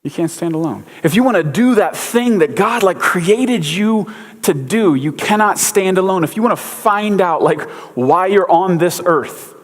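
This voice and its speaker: A man's voice: high-pitched, animated, unhurried. Chatty man preaching in a reverberant hall. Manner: chatty, joking, filler-heavy storytelling. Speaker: pastor. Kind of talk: casual sermon.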